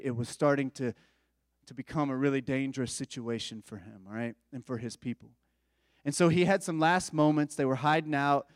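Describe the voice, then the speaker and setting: A male pastor delivers a sermon in an easy, conversational manner, often pausing to check in with his listeners. His voice sits somewhat high for a man. The sound is dry and close, with hardly any room around it. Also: dry recording. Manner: conversational, asks listeners for agreement.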